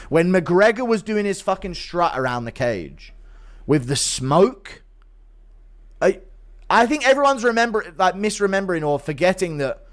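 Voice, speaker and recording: A man hosting a livestream, reading chat donations and ranting with heavy swearing. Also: on the high side. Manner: profane, ranting, animated. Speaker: livestream host.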